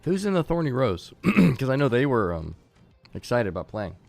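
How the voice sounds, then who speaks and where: A man's voice: mid-range voice, sing-song, normal speed, faint music behind. A man hosting a game tournament on a live stream. He talks casually to his chat, rambling with fillers and restarts.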